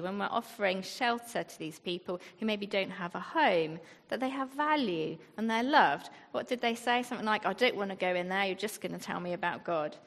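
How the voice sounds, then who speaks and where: A woman's voice: medium pitch, a bit bright. A woman giving a conversational sermon to a church gathering, reading scripture and explaining it. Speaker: church speaker. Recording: long hall reverb.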